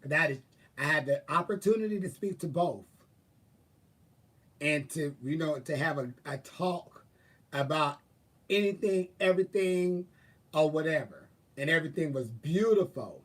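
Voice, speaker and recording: A man with a slightly high voice talks with viewers in a loose, sassy way. He swears freely and throws out drawling asides. He sits a little back from the mic. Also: animated, a little slow, far from the mic. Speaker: live-stream host. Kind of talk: casual chat, answering viewers.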